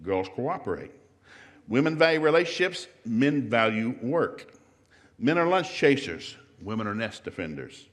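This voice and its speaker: A middle-aged Southern seminar speaker, with a mid-range, fairly bright voice that swings widely in pitch, delivers a funny talk on marriage at a church hall. He talks quickly and performs the quotes in his stories.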